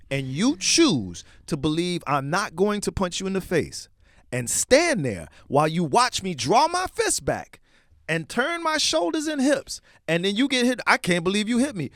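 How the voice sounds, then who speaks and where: Animated, profane man arguing on a podcast. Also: sits high, unhurried, dry recording, clean studio sound. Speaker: podcast co-host. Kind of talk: heated casual discussion.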